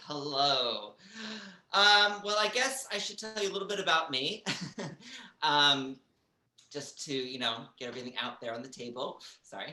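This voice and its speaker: Stand-up comedian, halting delivery, lots of ums, giggly, bright edgy tone, roomy reverb, small theater stage. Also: medium pitch.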